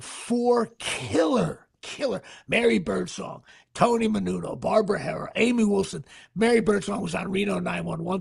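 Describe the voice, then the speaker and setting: A middle-aged actor being interviewed has a high-pitched, creaky, husky voice. He tells casual, rambling anecdotes, restarting sentences and drifting into sports asides.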